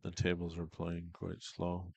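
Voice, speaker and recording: A man with a deep, low voice gives relaxed, chatty commentary on a pool match. His sound is close and dry, with no room around it. He talks through shots and players like he is sitting beside you. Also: measured pace, gravelly, slightly rough, no room sound. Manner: laid-back, chatty, talks shop about shots. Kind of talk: casual live commentary. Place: pool hall at a tournament.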